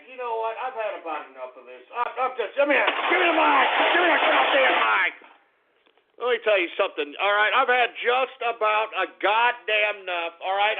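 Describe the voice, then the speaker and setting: High-voiced, exasperated male radio host. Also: vocal fry. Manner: exasperated, swearing, bursts into shouting. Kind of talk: ranting call-in radio talk. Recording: tinny phone-like lo-fi broadcast.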